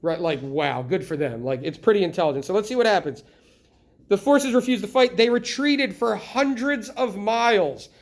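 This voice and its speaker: A middle-aged man teaching a history lesson in a classroom, lively and constantly checking in with the students by asking questions. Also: high voice, moderate pace. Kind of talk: classroom lecture.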